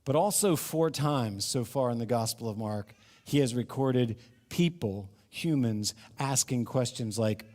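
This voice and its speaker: A middle-aged man preaching a sermon in a church, animated and acting out the crowd's questions. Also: medium pitch, unhurried. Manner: animated, acts out crowd voices, laughs between points. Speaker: pastor. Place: church sanctuary. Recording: long reverb of a hall.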